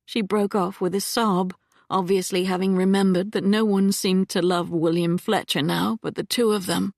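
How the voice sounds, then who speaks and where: A woman narrating a historical romance audiobook in a calm, measured manner. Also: medium pitch, creaky, no room sound, clean studio sound. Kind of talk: scripted narration.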